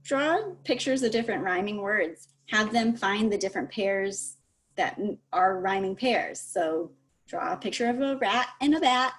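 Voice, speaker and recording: A woman's voice: mid-range voice, expressive, moderate pace. A woman giving practical advice in an easygoing, encouraging way over a video call, laughing easily. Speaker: speech-language advisor. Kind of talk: casual advice chat.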